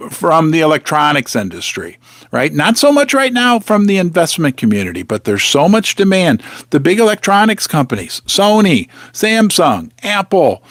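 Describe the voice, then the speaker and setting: A man hosting a casual live stream, talking with many restarts and rhetorical questions, clearing his throat as he is losing his voice. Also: high-pitched, dry recording. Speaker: host of a live precious-metals stream.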